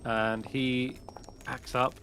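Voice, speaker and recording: Bright, lively male game master narrating with laughs. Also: medium pitch, drawn-out words, a little hiss or hum.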